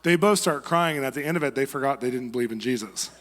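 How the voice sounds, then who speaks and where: A guest preacher with a mid-range voice speaks fast in a church sanctuary, where the hall adds long reverb. His sermon is conversational and full of animated stories with acted-out quotes.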